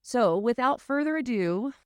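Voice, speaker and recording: A woman's voice: on the high side, animated, a little slow, darkish tone, clear, resonant tone, no room sound, clean studio sound. A woman from South Mississippi, hosting a podcast in an earnest, emotional, enthusiastic way. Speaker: podcast host. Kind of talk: casual podcast chat.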